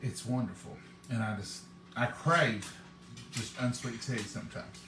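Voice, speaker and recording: A man's voice: mid-range voice, measured pace, noisy background. Chatty man in an echoey kitchen. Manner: homey, folksy, chatty, talks straight to viewers. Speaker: host of a live cooking stream. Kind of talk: casual chat to viewers.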